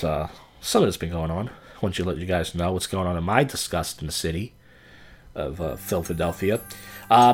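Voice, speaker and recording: A man with a fairly low voice reads strange headlines on his casual podcast, tripping over words and restarting lines. He follows each item with blunt, crude asides, while soft music plays faintly behind him. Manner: crude, offhand commentary. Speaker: podcast host. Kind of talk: casual news-reading podcast.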